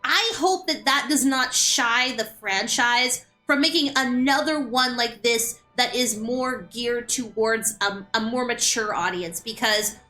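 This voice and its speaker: Bright high-voiced woman chatting. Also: a little slow, few pauses. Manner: chatty, animated, repeats words when starting. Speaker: streamer. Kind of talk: casual chat while playing. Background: game music.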